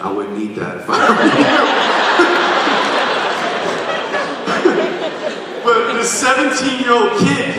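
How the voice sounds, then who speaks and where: A man speaking to a live audience from a concert stage, his voice bright and forward. He tells his story with animation and pokes fun at himself. It is picked up from far off in a big hall with a long, ringing echo. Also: high-pitched, slight background noise. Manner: animated, self-deprecating storyteller. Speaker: singer addressing a concert audience. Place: large concert venue.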